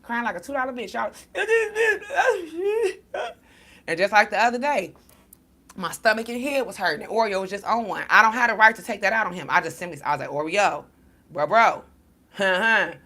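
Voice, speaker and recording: Woman, spiritual card reader, casual livestream, blunt, cussing, preachy, sharp tone. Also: mid-range voice, fast. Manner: animated storytelling to viewers.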